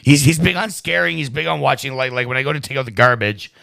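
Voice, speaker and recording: A man's voice: mid-range voice, fairly even intonation, fast talker, vocal fry, bright, forceful tone, no room sound. A man in casual podcast chat, a profane, laughing storyteller about family life. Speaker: podcast guest.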